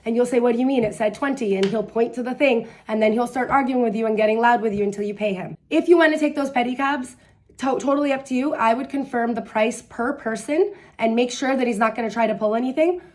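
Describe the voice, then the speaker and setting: A woman's voice: on the high side, fast. A woman from the United States giving travel advice in a casual vlog, blunt and sarcastic, telling stories in a chatty way. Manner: chatty, animated storytelling with quoted voices. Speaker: travel vlogger.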